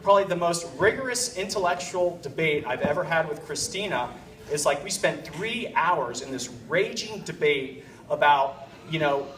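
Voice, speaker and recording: A man's voice: a little high, fairly bright tone. A man giving a rambling, joking wedding toast as the bride's uncle, heard from a distant microphone in a reception room. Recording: roomy and distant with clear room noise.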